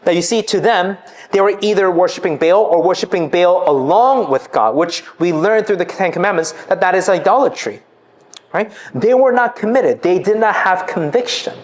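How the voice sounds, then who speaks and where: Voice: mid-range voice, expressive, normal speed. Conversational preacher retelling scripture. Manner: conversational, tags sentences with 'right?'; reads verses aloud between explanations. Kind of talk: sermon retelling a scripture passage.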